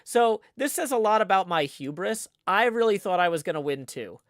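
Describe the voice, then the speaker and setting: A man's voice: high voice, big pitch swings, normal speed, fairly bright tone, dry recording, studio quality. A man chatting casually on a livestream, rambling and playful with lots of restarts. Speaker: livestreaming gamer.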